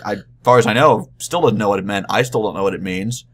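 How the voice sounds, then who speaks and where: A young man with a slightly low voice talks through a convention story in a loose, unscripted vlog. He stumbles and restarts often, filling gaps with ums and uhs, and keeps a dry, deadpan edge. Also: slight background noise. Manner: rambling, halting, many restarts and fillers. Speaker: vlogger. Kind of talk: casual convention recap.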